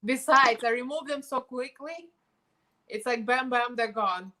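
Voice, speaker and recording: A woman with a high, bright voice hosts a relaxed makeup livestream. She chats easily with her viewers and breaks into laughter often. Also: a little slow, poor audio. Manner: chatty, laughs often, coos baby talk to her pet. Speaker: beauty livestream host. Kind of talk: casual livestream chat.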